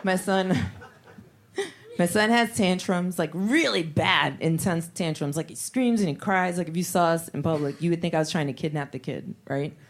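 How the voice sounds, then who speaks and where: Woman comic, low voice, conversational, deadpan setups. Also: normal speed. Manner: conversational, deadpan build to punchlines. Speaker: stand-up comedian. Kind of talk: stand-up comedy set.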